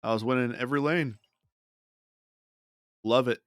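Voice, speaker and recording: A gaming streamer talks himself through a digital card game at a measured pace, his mid-range voice quietly voicing his moves and thoughts. The sound is clean studio quality with no echo.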